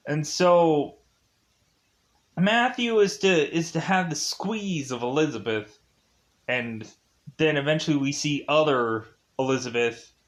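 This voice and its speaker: A young man with a slightly raised voice recaps a film in a slow, loose ramble. He leans on "like" and restarts, then drops into little acted bits of the characters' lines. The delivery is casual and unscripted. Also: on the high side. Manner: rambling, many "like" fillers, acts out lines. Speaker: film reviewer.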